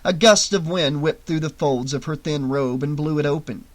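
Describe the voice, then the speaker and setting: A man narrating a horror novel audiobook in a steady, measured reading. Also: fairly high pitch.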